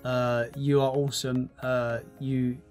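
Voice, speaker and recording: A young man unboxing a gift, excitable and swearing often, laughing as he talks. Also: medium pitch, slow pace, faint music behind. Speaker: YouTuber. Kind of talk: casual unboxing vlog.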